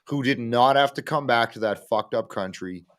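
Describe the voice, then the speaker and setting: A man's voice: mid-range voice, moderate pace, a bit bright. A Canadian man, a veteran co-hosting a podcast, chatting casually in a blunt, profane way. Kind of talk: casual chat.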